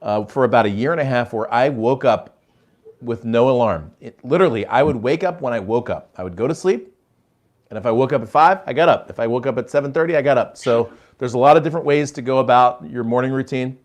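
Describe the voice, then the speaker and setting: A man of middle pitch hosts a live show in a chatty, casual way. He keeps things friendly and loose, tossing in "dude" and "man" as he reads out audience questions. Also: fast. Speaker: podcast host.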